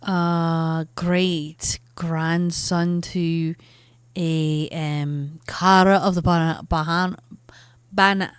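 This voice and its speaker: A woman's voice: fairly low pitch, very slow, clean tone, dry recording. Irish woman in playful game banter. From Ireland. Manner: playful, teasing, lively banter. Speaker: player. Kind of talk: playing a tabletop role-play game in character.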